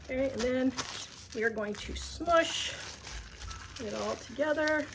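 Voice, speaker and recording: Slow-talking woman demoing a recipe. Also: high-pitched, background noise. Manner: chatty, homey, narrating each step aloud. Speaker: home cook and channel host. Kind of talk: casual cooking demonstration. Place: home kitchen. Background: background music.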